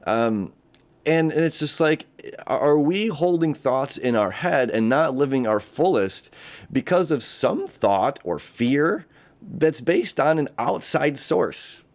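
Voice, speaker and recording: A man from the United States hosts a casual astrology talk in a slow, sing-song voice on the high side. Recorded with a camera setup, he rambles, repeats himself, and often breaks into laughter.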